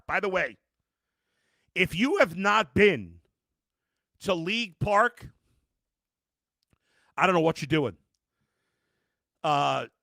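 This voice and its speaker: A man's voice: on the high side, vocal fry, a bit bright, no room sound. A middle-aged man hosting a live sports podcast, ranting emphatically at viewers with lots of restarts. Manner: addresses viewers directly as folks. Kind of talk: live postgame reaction podcast.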